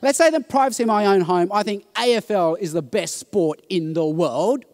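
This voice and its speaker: Man, high pitch, animated conference speaker. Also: moderate pace. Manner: animated storytelling, acting out quoted voices. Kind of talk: conference talk. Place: conference hall.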